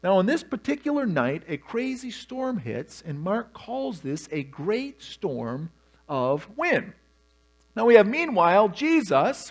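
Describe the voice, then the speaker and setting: A pastor preaching a sermon, telling the story with humor and animation. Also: mid-range voice.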